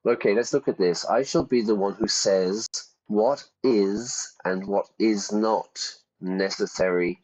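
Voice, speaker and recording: A man with a lowish voice and a darkish tone teaches English vocabulary while playing a game, keeping things casual and chatty and explaining words with everyday examples. The sound quality is dull and lo-fi.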